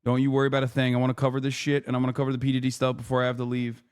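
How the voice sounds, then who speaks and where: A man's voice: medium pitch, completely flat delivery, racing, hardly any pauses, a little mellow, smooth. A man hosting a livestream, ranting profanely at his chat while commenting on the news. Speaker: streamer host.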